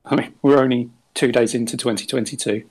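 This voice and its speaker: A man's voice: mid-range voice, fairly even intonation, quick pace, slightly rough, poor audio. A man hosting a casual podcast, dry and understated, with frequent ums. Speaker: podcast host. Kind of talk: casual chat.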